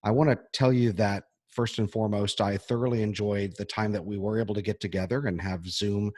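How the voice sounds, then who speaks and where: A middle-aged man with a low, husky voice speaks to his students as their teacher. He talks earnestly and with feeling, halting and filling pauses with ums. The sound is dry and close. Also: steady tone, darkish tone, no room sound. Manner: earnest, emotional, halting with fillers. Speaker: history teacher. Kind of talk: heartfelt scripted-free address to students.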